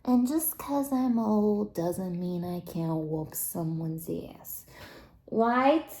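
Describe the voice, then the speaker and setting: A woman's voice: medium pitch, lively intonation, very slow, dark tone, reverberant. A woman voicing a nosy, blunt, meddling elderly Jewish grandmother in a comic monologue, full of gossipy whispered asides and sighs. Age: older.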